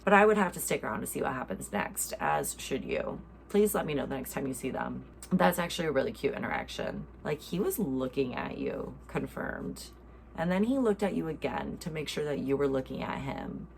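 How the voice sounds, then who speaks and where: A woman's voice: very deep voice, big pitch swings, a little fast, vocal fry, a little hiss or hum. A young American woman hosting a casual reaction chat, talking in a playful, gushing way full of fillers. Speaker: host.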